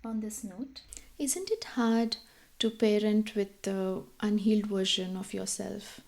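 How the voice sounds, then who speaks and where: A woman's voice: medium pitch, takes it slowly, gravelly, a little mellow, reverberant. A woman hosting a podcast, reflecting and asking her guest about parenting. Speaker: podcast host. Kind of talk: conversational interview.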